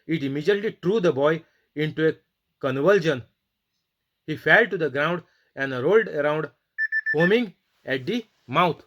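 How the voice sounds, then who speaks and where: A man's voice: fairly high pitch, fairly bright tone. Man preaching a hesitant bible study. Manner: slow, halting, many fillers and restarts; non-native phrasing.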